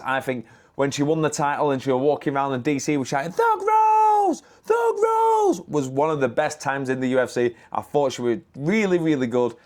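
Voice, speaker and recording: A young British man with an accent, talking casually and bluntly to camera in a daily vlog, with the odd swear word. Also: mid-range voice. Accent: British English. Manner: chatty and blunt, with mild swearing. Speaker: daily vlogger.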